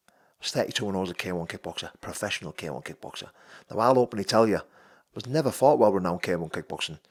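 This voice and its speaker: A Geordie man in his thirties from North East England, with a lowish voice, appears as a podcast guest and fighter in casual chat. He is blunt and sweary, swinging between quiet and emphatic.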